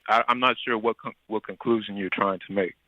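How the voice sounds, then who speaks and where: Man from texas, caller, stammering, low voice, tinny dry phone line. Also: fairly even intonation, brisk, dry recording. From Texas, United States. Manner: hesitant, stammering, repeats words. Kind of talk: call-in debate.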